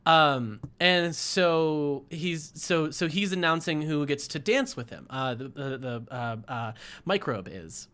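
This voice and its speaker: Young guy on a podcast, kinda high voice, super animated, laughs a lot and rambles. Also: slow, few pauses. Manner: rambling, laughs often, restarts sentences. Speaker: podcast co-host. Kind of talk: casual chat.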